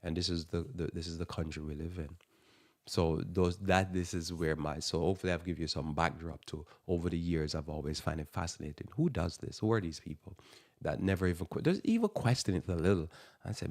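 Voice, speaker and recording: A man's voice: low-pitched, a little fast, darkish tone, no room sound, clean studio sound. A man hosting a live Christian morning radio talk show, rambling and restarting his sentences as he speaks. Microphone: radio studio mic.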